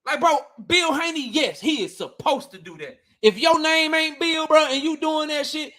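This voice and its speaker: A man's voice: very high voice, big pitch swings, moderate pace, hardly any pauses, sharp tone. A man hosting a boxing livestream and reading chat, talking bluntly and profanely, heated and repeating himself. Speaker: boxing channel host.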